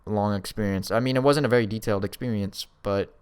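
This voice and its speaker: A man's voice: lowish voice, steady tone, quick pace, smooth. A young man in his late teens casually telling a personal story to his viewers, laid-back and slangy with lots of fillers. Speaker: vlogger.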